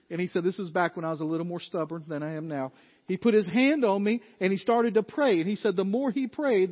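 High-voiced preacher in a big echoing hall. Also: male voice, slightly rough. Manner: dynamic preaching, swinging from loud emphatic peaks to low quiet asides. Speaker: pastor. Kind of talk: sermon. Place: church sanctuary. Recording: dull sound in a large reverberant hall.

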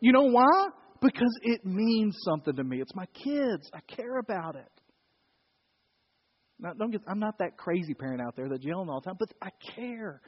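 A middle-aged man with a Southern US accent preaches a sermon with a high voice. His folksy delivery runs from loud stories to hushed solemn points. The sound is muffled and carries a long church-hall reverb. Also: sing-song, normal speed. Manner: folksy, swings between loud storytelling and quiet solemn preaching. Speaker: pastor. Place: church sanctuary.

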